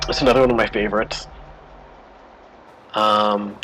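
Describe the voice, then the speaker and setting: A man's voice: lowish voice, little pitch movement, normal speed, pushed and bright, slight background noise, rough recording. A man streaming a game live, chatting and rambling through a story between moves. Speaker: gaming streamer. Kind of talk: live gameplay commentary.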